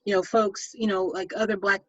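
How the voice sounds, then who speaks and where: An interview host speaking casually, halting with many restarts and affirming "mm-hmm"s. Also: mid-range voice, level tone, fairly bright tone, no echo. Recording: dry, slightly dull lo-fi sound.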